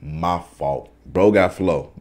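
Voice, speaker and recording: Young adult male reaction host, low-pitched, casual slang, excitable commentary. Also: takes it slowly. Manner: excitable, slangy, talks straight at viewers and the video.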